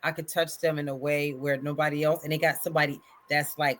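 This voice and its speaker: A middle-aged woman, a parent of athletes, answering interview questions in an animated way and acting out quoted voices. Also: sits low, quick pace, slight background noise.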